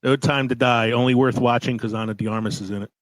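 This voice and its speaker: A man hosting a podcast in casual chat, animated and laughing often. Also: medium pitch, fast, dry recording, low-quality recording. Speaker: podcast host.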